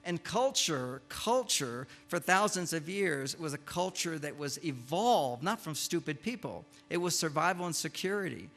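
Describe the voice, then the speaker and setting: Older man, humorous lecture, gravelly, fairly high voice, animated. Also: moderate pace, hardly any pauses, soft background music. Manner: animated storyteller, acts out quoted lines with laughs. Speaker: speaker giving a talk. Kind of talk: humorous lecture to a live audience.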